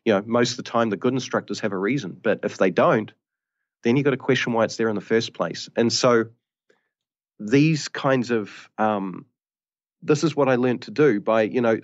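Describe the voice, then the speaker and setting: A man's voice: mid-range voice, muffled recording. A man from New Zealand, a karate instructor, talking casually in a podcast interview and often saying "you know". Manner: thoughtful, rambling, frequent "you know".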